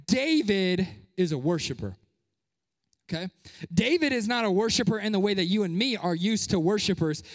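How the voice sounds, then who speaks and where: Brief: young male pastor, bright high voice, playful animated sermon, a bit winded, church reverb. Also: vocal fry. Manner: lively, joking preaching with playful voices. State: out of breath. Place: church sanctuary.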